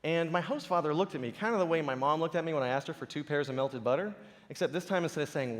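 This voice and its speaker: On a large auditorium stage, a man gives a conference talk to a live audience, his voice on the high side, expressive and quick. He tells stories animatedly and does playful impressions, and the sound is that of a large hall.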